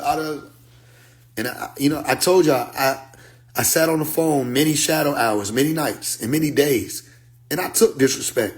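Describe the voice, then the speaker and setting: A man's voice: a little high, moderate pace. A man telling a long story in casual speech. He acts out both sides of the conversation, swears freely and gets worked up. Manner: animated, profane, quotes others in dialogue.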